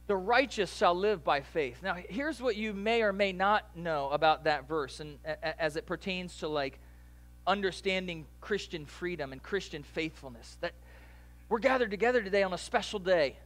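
A pastor preaching a sermon in a relaxed, conversational way, with asides and quick jokes to the congregation. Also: male voice, high-pitched.

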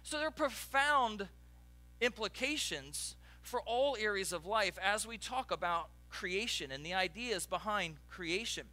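A man's voice: sits high, lively intonation, measured pace, bright, forceful tone. A man preaching a sermon in a conversational way, with frequent restarts and asides to the congregation. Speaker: pastor.

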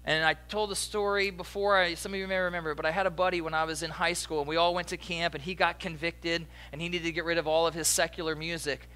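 A young adult male pastor delivers a sermon in a loose, conversational way, telling stories and tossing questions to the congregation. His voice sits high for a man and sounds bright and forward. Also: fast, few pauses, clear, resonant tone. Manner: conversational, animated storytelling with audience asides.

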